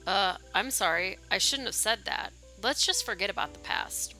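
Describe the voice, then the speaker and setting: A woman's voice: medium pitch, expressive, moderate pace, sharp tone, soft background music, low-quality recording. A woman voicing a pushy, teasing teenage boy friend, reading game dialogue aloud on a stream.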